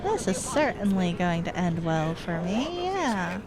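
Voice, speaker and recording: A woman streamer chatting casually and excitedly with her viewers. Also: lowish voice, a little slow, a loud crowd. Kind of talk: casual live-stream chat.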